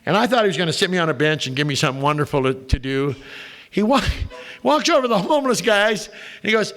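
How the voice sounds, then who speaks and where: An older man with a high, gravelly voice, spinning a salty, punchline-driven story at a recovery meeting. He works the room like a seasoned comic, swearing freely and landing jokes on the beat. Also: very animated, fast, fairly bright tone. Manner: profane, wisecracking, punchline-driven.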